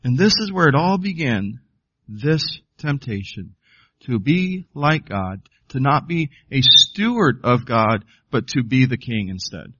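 A man's voice: medium pitch, big pitch swings, unhurried, bright, forceful tone, slightly rough, dry recording, muffled recording. A man preaching a sermon as pastor, emphatic, often putting questions to the congregation.

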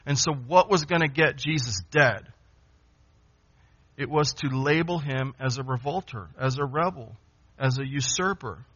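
Emphatic preacher man, bright lo-fi sound. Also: mid-range voice, measured pace, slightly rough. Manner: emphatic, repeats phrases and asks rhetorical questions. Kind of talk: expository sermon. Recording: dull lo-fi sound.

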